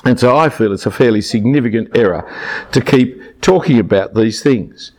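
A man's voice: mid-range voice, moderate pace, a little mellow. An older man giving a sermon as a Bible teacher, emphatic and argumentative, with dry asides.

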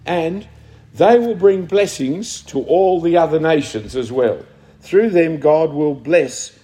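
A man's voice: a little high, warm tone, breathy edge. A man preaching a conversational sermon, teaching from scripture and asking his listeners questions.

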